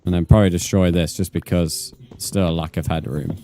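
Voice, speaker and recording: A man's voice: sits low, fairly even intonation, fairly quick, warm tone, slight background noise. A man casually commenting on his gameplay and chatting with viewers, teasing them and swearing freely. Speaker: streamer.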